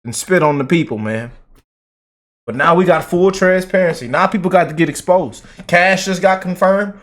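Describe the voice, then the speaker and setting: Fired-up high-voiced male commentator. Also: normal speed, fairly bright tone. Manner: emphatic, slangy, calls viewers family. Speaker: political commentary YouTuber.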